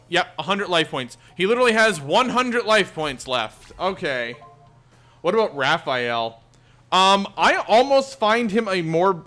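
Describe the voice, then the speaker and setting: A man gives relaxed let's-play commentary, thinking aloud as he plays. His voice sits a little high and has a bright, forward tone. Faint game music runs underneath. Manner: chatty, thinks aloud while playing. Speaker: gaming channel host.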